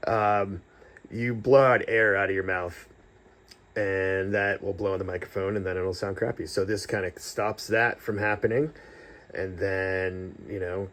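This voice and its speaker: Speaking at a fairly low pitch, a middle-aged man chats loosely about podcasting in vlog style, restarting himself and using plenty of fillers. Frequent laughter and breathy sighs after long stretches mark his talk.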